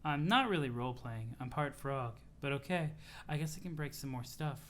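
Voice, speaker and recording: A man voicing a calm, detached young female troll ghost in a quiet, flat, matter-of-fact way. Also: mid-range voice, normal speed, a little hiss or hum, close to an everyday voice. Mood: deadpan.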